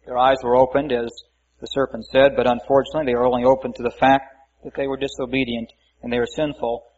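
Male preacher, conversational Bible teacher, slightly raspy voice, dull lo-fi recording. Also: mid-range voice, level tone, fast talker, darkish tone. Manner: conversational, folksy asides, reads scripture aloud. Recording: muffled lo-fi recording.

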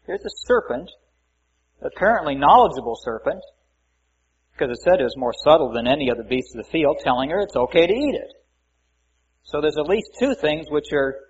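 A man's voice: a little high, husky. A man preaching a conversational Bible-teaching sermon, reading scripture aloud and adding folksy asides. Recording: muffled lo-fi recording.

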